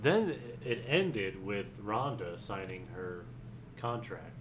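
Male podcast co-host, lowish voice, loose rambling storyteller who laughs often; light background noise. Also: sing-song, slow. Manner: rambling, laughing, retells wrestling news. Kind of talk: casual chat.

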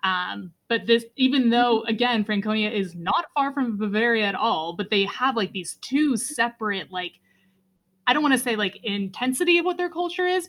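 A woman joins an easygoing podcast chat in an ordinary mid-range voice. She thinks out loud, hedges and fills her sentences with "like". Her delivery stays loose and conversational. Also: medium pitch. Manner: chatty, hedging, heavy use of "like".

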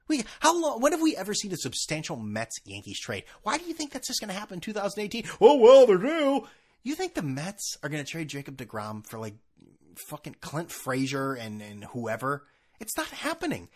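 A man's voice: on the high side, fairly bright tone, slightly rough. A man hosting a podcast, ranting sarcastically with profanity, stammering restarts and laughs at his own jokes. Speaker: podcast host. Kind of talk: casual ranting monologue.

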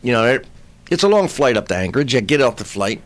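A man in his sixties, a comedian, telling a comic anecdote in an animated way. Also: mid-range voice, fast. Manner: animated storyteller, acting out voices. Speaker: comedian guest.

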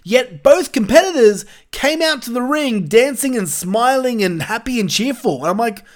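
Animated, swearing man ranting. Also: very high-pitched, moderate pace, hardly any pauses. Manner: profane, ranting, exasperated. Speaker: wrestling review show host. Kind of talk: casual solo commentary.

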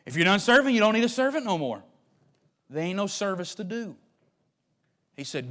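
A high-voiced man preaching a sermon. He goes from hushed and low to loud and shouting, and he repeats his phrases in a folksy way. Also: sing-song, normal speed, long pauses. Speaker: pastor.

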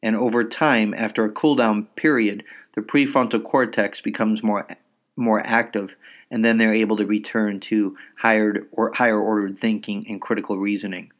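Calm man explaining parenting on a podcast. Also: fairly low pitch, moderate pace. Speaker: psychologist podcast host. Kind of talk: educational parenting podcast talk.

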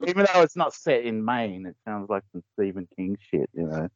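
A man's voice: lowish voice, big pitch swings, brisk, dull audio. A man chatting casually on a podcast, rambling through stories and laughing at his own jokes. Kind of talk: casual chat.

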